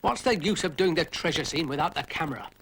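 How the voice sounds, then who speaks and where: A man's voice: a little high, lively intonation, fast, creaky, a bit bright, husky, pitched above the performer's own voice, exaggerated voice, low-quality recording. A man voicing a lofty, moody male dog who directs a film, talking in a grand, sighing way. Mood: pompous. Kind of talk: storybook cartoon voice.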